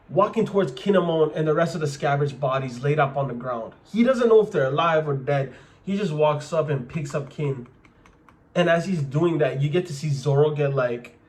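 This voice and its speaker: A young man giving an excited, casual manga chapter review, full of slang and filler words. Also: fairly high pitch. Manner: hyped, lots of "like" and slang.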